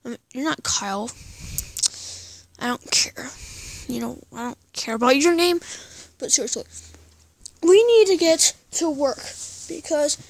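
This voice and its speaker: A woman acting out a silly improvised skit on her own, switching between characters with whiny sighs and hushed whispers. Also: high voice, expressive, normal speed. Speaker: video maker. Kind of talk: improvised one-person skit.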